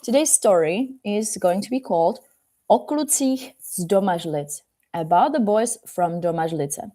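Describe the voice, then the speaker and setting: A woman language teacher reading a children's story aloud in a live lesson, chatting casually and filling pauses with "like" and "uh.". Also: mid-range voice, warm tone. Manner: casual and chatty, with frequent fillers. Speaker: Czech teacher.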